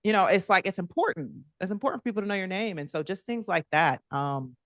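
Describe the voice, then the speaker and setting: Podcast guest, woman, 30s, expressive storyteller who does voices for the people she quotes; dry, close sound. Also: fast talker, dry recording. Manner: animated, acts out quoted kids in higher voices, laughs often. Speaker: podcast guest, former athlete. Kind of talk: conversational storytelling interview.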